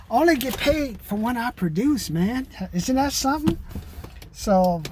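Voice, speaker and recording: A man vlogging in a rambling, animated way, with many restarts and "man" tags. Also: very high voice, normal speed, a little hiss or hum. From California. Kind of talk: casual chat to camera.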